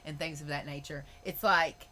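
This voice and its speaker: A woman's voice: deep voice, fairly even intonation, normal speed, bright, forceful tone, slight background noise. A woman hosting a podcast, ranting in a blunt, emphatic way and swearing freely. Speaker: podcast host. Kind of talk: opinionated podcast monologue.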